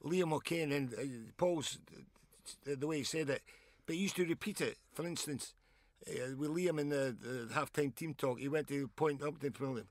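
An older man, a former footballer, guesting on a podcast and speaking admiringly in quick bursts of casual chat. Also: fairly high pitch, dry recording, clean studio sound.

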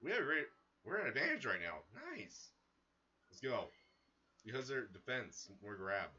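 Excitable husky man streaming a game. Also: medium pitch, normal speed, muffled recording. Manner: excitable, with sudden loud outbursts. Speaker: gaming streamer. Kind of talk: casual let's-play commentary.

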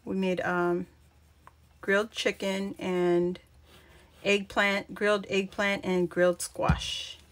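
A woman's voice: medium pitch, little pitch movement, takes it slowly. A woman hosting a live craft stream, chatting casually, laughing often and greeting viewers by name. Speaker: crafting channel host.

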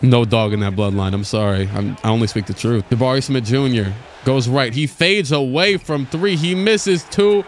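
A man streaming a basketball video game, giving rambling casual commentary and excited play-by-play calls that jump up in pitch. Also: moderate pace, few pauses, a little hiss or hum. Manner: excitable, voice jumps high during play calls; rambling, self-correcting.

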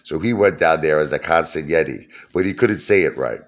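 Middle-aged guy, super deep voice, just rambling and cracking jokes about himself on his channel. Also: moderate pace. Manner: joking, self-mocking storyteller. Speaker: YouTube host. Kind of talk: casual rambling vlog talk.

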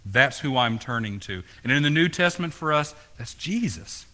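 A man's voice: mid-range voice, expressive, normal speed, bright, forceful tone. A man preaching a sermon as pastor, asking the congregation questions, his voice rising and falling. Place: church.

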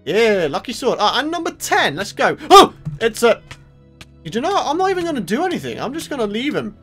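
Excitable man narrating gameplay. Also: very high-pitched, brisk, soft background music. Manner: excitable, exclamatory, chatty with viewers. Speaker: let's play host. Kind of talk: video game commentary.

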